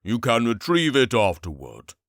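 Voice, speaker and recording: A man narrating an audiobook voices a huge stony-faced male doorman, speaking slowly and curtly. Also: mid-range voice, no echo, clean studio sound, voice pushed up. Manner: slow, curt, flat.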